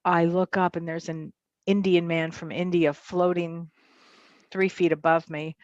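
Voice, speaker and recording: A woman, a psychotherapist, telling a personal story in a talk-show interview, animated and acting out voices. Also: a little slow, no echo, dull audio. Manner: animated, acts out quotes in high voices. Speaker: psychotherapist and medium guest.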